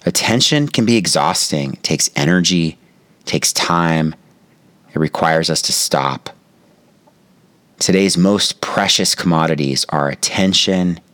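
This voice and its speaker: A man calmly telling a reflective story as a meditation teacher, slowing down for emphasis. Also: low voice, no echo. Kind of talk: reflective spoken talk.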